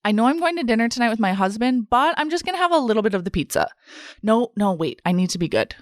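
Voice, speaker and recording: Inner voice of a stressed dieter, put on by a woman podcast host, self-critical, frets aloud, lively pitch, dry sound. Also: fast, dry recording. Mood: self-arguing. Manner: frets and argues with herself.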